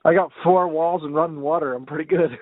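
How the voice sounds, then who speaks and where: A man's voice: fairly high pitch, fairly even intonation, fast. A man co-hosting a casual comedy podcast, teasing in a mock-concerned way. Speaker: podcast co-host. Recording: tinny phone line with faint noise.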